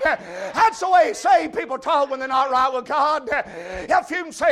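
A man preaching a fiery revival sermon in a church. He shouts his lines and fills the pauses with drawn-out "uh"s. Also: very high voice, sing-song. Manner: shouting, with frequent drawn-out "uh" fillers.

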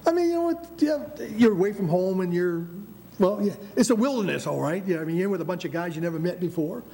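A man's voice: high-pitched, lively intonation, fast, warm tone. An older American man preaching a sermon, emphatic, with frequent restarts and calls of "Amen?". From United States.

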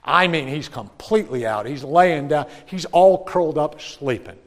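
A man telling a personal story to an audience in a lively way, acting out the other people's voices. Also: on the high side, moderate pace. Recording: long hall reverb.

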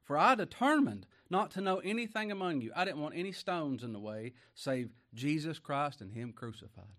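Male preacher, slightly high voice, plain talk that swells fervent on scripture. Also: big pitch swings, moderate pace. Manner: plain-spoken, fervent, rising to loud emphasis on scripture. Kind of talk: sermon.

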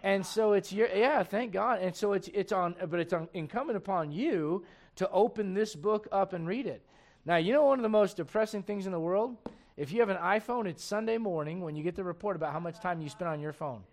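A man's voice: sits high, a little fast, a little mellow. A man pastor preaching a casual, conversational sermon to his congregation and reading scripture aloud.

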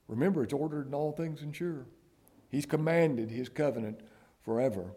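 A man preaching a sermon, dropping to hushed whispers and rising to raised exclamations. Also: mid-range voice, normal speed, slightly rough.

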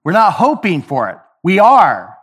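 A man's voice: sits high, huge pitch swings, a little slow, a bit bright, slightly rough. A man preaching a sermon, emphatic, repeating key phrases and acting out little dialogues.

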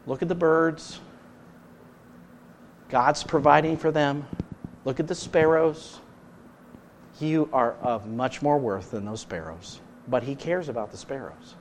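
Guy preaching a sermon, earnest, mid-pitch, goes loud then drops real quiet. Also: slow pace, long pauses, a little hiss or hum. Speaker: pastor.

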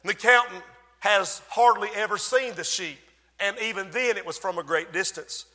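A male preacher with a bright, forceful voice pitched a little high, delivering a dramatic sermon. He swells loud and drops soft, drawing out key words, and the sound rings with a long hall reverb. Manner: dramatic, swells and drops in loudness, slows for emphasis.

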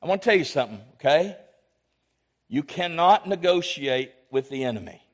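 A male pastor preaching a sermon, swinging from loud exhortation to quiet asides and calling for amens from the congregation. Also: on the high side, expressive, moderate pace.

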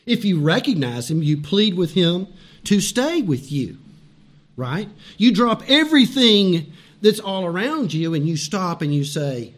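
A male pastor preaching a sermon in a high, bright-toned voice. He talks animatedly, laughs along with his own points, then drops to a hushed intensity, repeating phrases to drive them home. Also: big pitch swings, normal speed.

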